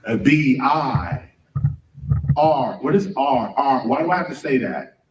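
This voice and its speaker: Animated man lecturing in an echoey hall. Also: mid-range voice, takes it slowly, background noise. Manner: animated, questioning, spells out words letter by letter. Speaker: speaker. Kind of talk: lecture to an audience. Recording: roomy, from a distance.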